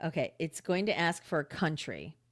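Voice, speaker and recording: A woman co-hosting a podcast, chatty and upbeat, laughing easily between plugs and banter. Her voice sits low for a woman, and the sound is close and dry. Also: sing-song, normal speed, no echo. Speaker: podcast co-host. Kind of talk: casual chat.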